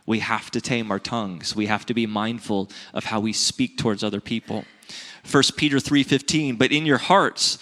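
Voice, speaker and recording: A man's voice: medium pitch, fairly bright tone, big-room sound. A man in his thirties preaching a sermon in an earnest, conversational way, often checking in with "right?". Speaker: pastor.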